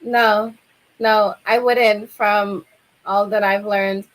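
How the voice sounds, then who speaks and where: A woman's voice: medium pitch, little pitch movement, extremely slow, a bit bright, poor audio. A woman on a casual panel discussion, answering firmly and decisively.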